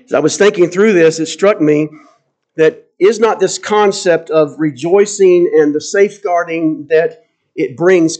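Man, pastor, high voice, sermon, earnest, emphatic, repeats phrases. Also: a little mellow.

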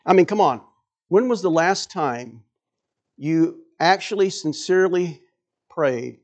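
A man's voice: a little high, expressive, slow, a little mellow, muffled recording. A man preaching a sermon in a conversational way, restarting phrases and asking rhetorical questions. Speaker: pastor.

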